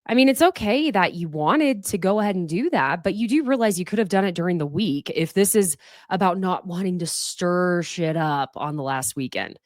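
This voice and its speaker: Lowish-voiced woman, sassy reality-show recapper, swoops up in pitch for emphasis, dry close sound. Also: moderate pace, no echo. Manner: animated, sassy commentary with exaggerated pitch jumps. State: sniffly from allergies. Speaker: podcast host.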